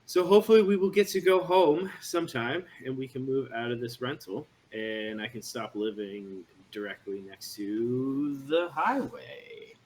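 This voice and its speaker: A man's voice: medium pitch, unhurried, hardly any pauses, darkish tone. Laid-back joking male player, faint hiss. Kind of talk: casual chat.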